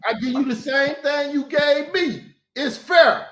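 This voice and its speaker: A man's voice: extremely high pitch, measured pace, echoey room, background noise. A man, hosting a casual talk and telling stories in a blunt, profane way. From Southern United States. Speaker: host. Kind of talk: casual chat.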